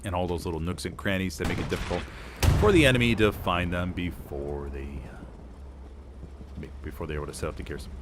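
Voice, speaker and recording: A man doing live play-by-play commentary on a competitive shooter match, lively and prone to sudden exclamations. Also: sits low, fairly quick, noisy background. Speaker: competitive game caster. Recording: game gunfire and artillery clearly heard behind. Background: game gunfire and explosions.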